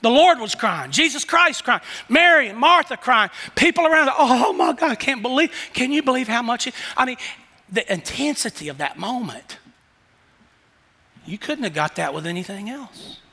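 High, bright-voiced preacher in a reverberant hall. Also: male voice, moderate pace. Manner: animated, swings from hushed questions to shouted emphasis. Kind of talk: sermon.

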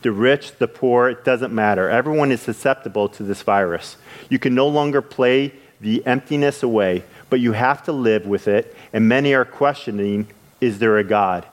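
A man preaching a sermon in an earnest way, with halting restarts, his voice rising when he retells scripture scenes. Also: mid-range voice.

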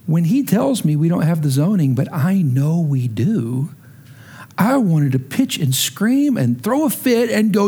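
A man preaching a sermon as pastor, telling a story and acting out the dialogue, rising to shouts when heated. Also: sits high, sing-song, normal speed, breathy edge.

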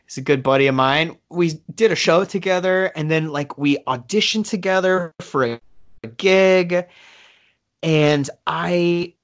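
A man's voice: on the high side, unhurried, fairly bright tone. A man co-hosting a casual podcast, rambling through a long story with many fillers and swearing. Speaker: podcast co-host. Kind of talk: casual chat.

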